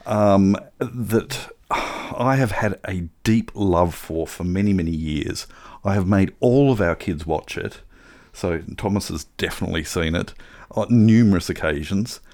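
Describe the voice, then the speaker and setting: A middle-aged man with a low, darkish voice talks at a measured pace. It's a comedy panel game of bluffing, and he's rambling earnestly through a long story loaded with fillers.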